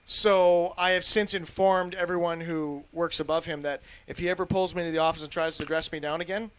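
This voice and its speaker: A man's voice: fairly high pitch, fairly even intonation, a little fast, fairly bright tone, smooth, dry recording. A man hosting a talk radio show, chatting loosely and rambling as he tells a story. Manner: rambling, acts out scenes in put-on voices.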